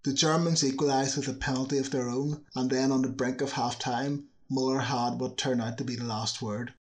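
A man's voice: medium pitch, fairly even intonation, normal speed. Male narrator for a football history video; chatty, scripted, dry humor in the asides.

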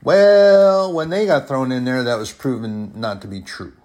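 A man preaching a sermon, retelling a Bible story and reading scripture aloud, rising to loud bursts and dropping to quiet, slow lines. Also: medium pitch, animated. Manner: reads scripture in old-fashioned phrasing.

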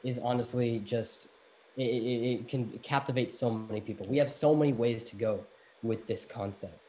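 A man's voice: medium pitch, fairly even intonation, normal speed, dark tone. Playful podcast co-host, a man. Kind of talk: casual chat.

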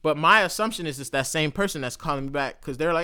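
A man, a military veteran, telling a profane, animated story in a casual monologue. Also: on the high side, clear, resonant tone, dry recording, clean studio sound. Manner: profane, animated ranting with quick asides.

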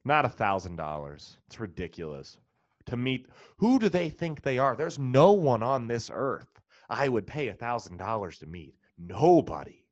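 A man's voice: medium pitch, very animated, moderate pace, no echo. A man, a comedian and podcast host, delivering a profane, sarcastic, exasperated comedic rant. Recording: dull lo-fi, dry.

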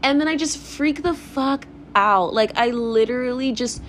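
A woman's voice: a little high, measured pace, a little hiss or hum. A young woman hosting her own podcast, rambling in a casual confessional rant, swearing freely and laughing often. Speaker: podcast host.

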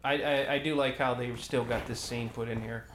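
A man co-hosting a podcast, casually commenting on a film as he watches, talking in halting stops and restarts. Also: medium pitch, fairly even intonation, fairly bright tone. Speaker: podcast co-host. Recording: roomy echo, faint noise.

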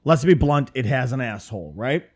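A man's voice: mid-range voice, normal speed, breathy edge. A man co-hosting a casual podcast, swearing freely and poking fun at his own mispronunciations. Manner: animated, profane, self-mocking. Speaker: podcast co-host. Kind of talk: casual chat.

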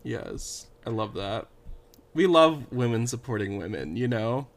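A man co-hosting a casual podcast, talking through a TV episode. He rambles, circles back and leans on "like" as he goes. His voice sits at an ordinary pitch. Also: big pitch swings, a little slow. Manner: rambling, with frequent "like" fillers and sighs. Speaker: podcast co-host. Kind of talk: casual chat recapping a TV show.

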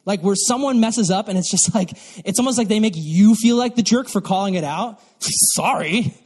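A young man preaching a sermon to youth as a pastor, animated and acting out mocking voices. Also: high-pitched, a little fast, breathy edge. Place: church hall. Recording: long reverb from a hall.

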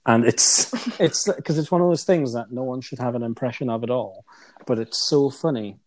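A man's voice: mid-range voice, moderate pace, darkish tone. A man hosting a podcast, chatting casually with rambling asides and frequent laughs. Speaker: podcast host. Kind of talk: casual chat.

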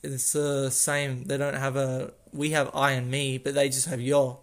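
A man hosting a casual solo podcast, recorded on a phone, explaining things in a slow, rambling way and correcting himself as he goes. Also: mid-range voice, level tone. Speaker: podcast host.

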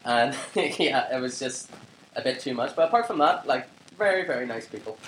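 Lad telling a long story on a podcast, echoey room, bit of background hum. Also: male voice, mid-range voice, animated, normal speed, a bit bright. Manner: rambling, sweary, laughs often. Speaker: podcast co-host. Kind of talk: casual chat, storytelling. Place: flat. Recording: roomy home recording with faint ambience.

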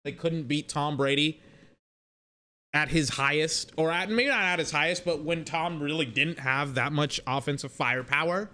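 Young dude venting about sports, loose and profane, clean crisp voice, kinda high. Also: male voice, moderate pace, bright, forceful tone. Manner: rambling, profane, self-correcting. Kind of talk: casual sports rant.

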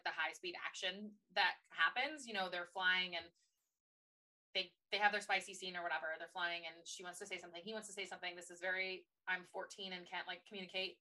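A woman co-hosting a casual book podcast, her voice bright and forceful. She talks chattily and slips into playful put-on voices when quoting characters. She sits a little back from the microphone. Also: lowish voice, fairly even intonation, fast, far from the mic, rough recording. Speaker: podcast co-host.

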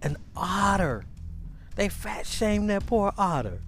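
A man hosting a podcast, talking in a casual, animated, rambling monologue with many restarts. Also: high voice, slow pace, slight background noise. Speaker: podcast host.

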